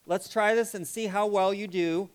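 A man's voice: sits high, steady tone, moderate pace, smooth. A man giving an interactive live presentation to an audience, acting out sample phrases to show how tone changes meaning. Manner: demonstrative, acts out sample phrases.

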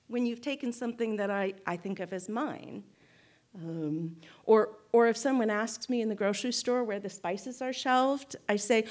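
A woman giving a reflective spoken teaching to a group, measured and thoughtful, often checking in with "right?" and restarting phrases. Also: on the high side. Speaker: guest speaker.

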